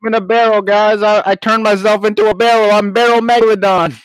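A man voicing a silly megalodon shark in a high, goofy bit voice. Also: flat delivery, quick pace, clean tone, dry recording, lightly acted, rough recording.

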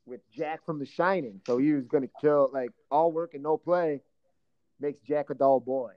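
A man's voice: on the high side, moderate pace, no echo, highs cut off. A man co-hosting a casual podcast, bantering with jokes and swearing. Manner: joking, profane banter. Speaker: podcast co-host. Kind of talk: casual chat.

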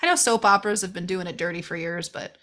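A woman co-hosting a podcast, chatting casually about a movie in an animated way, swearing freely and slipping into quoted voices. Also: fairly low pitch, quick pace. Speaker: podcast co-host. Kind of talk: casual chat reviewing a movie.

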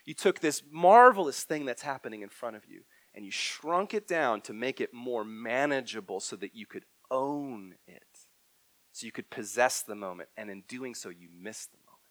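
A man preaching a sermon, swinging from loud emphatic bursts to hushed, near-whispered lines. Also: medium pitch, lively intonation, normal speed, no echo. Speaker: pastor. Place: church hall.

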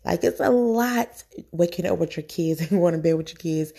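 A woman's voice: fairly low pitch, moderate pace, creaky, few pauses, warm tone, husky. A stay-at-home mom hosting her own casual podcast, talking into her phone in a chatty, rambling, enthusiastic way, a little nervous. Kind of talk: casual solo podcast talk.

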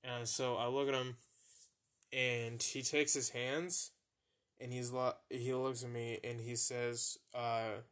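A man's voice: medium pitch, little pitch movement, slow, fairly bright tone, clean tone. A young man hosting a podcast, casually telling embarrassing stories, swearing freely and laughing at himself. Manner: profane, laughing at his own embarrassing stories. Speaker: podcast host. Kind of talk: casual storytelling.

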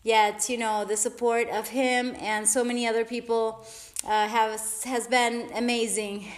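High-voiced woman coaching herself, breathless. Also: flat delivery, a little slow, roomy sound. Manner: upbeat, self-coaching, encouraging. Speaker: podcast host. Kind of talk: casual motivational chat while exercising.

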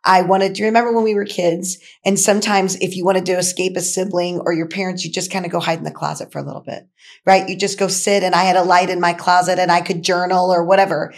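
A woman's voice: on the low side, little pitch movement, fast. A middle-aged woman, co-founder of a nonprofit, talking as a guest with enthusiastic, emphatic energy and a habit of repeating her points. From Indiana, USA. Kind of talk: energetic interview talk.

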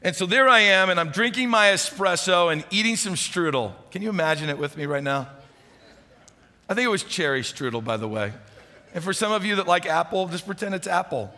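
A man's voice: sits high, lively intonation, a little fast, sharp tone. A man preaching a sermon, telling a personal story in a conversational way and asking the listeners questions. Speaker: pastor. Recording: long hall reverb.

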